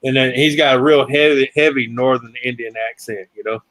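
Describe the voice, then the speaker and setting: A man's voice: mid-range voice, steady tone, fairly quick, a bit bright, no echo, low-quality recording. A man hosting a casual chat, telling long rambling stories and swearing freely. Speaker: host.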